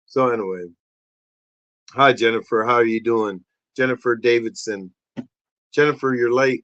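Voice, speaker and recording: A man's voice: mid-range voice, normal speed, long pauses, fairly bright tone, no room sound, dull audio. A man hosting a casual show, rambling and cursing, with frequent stammers. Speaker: host. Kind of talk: casual livestream chat.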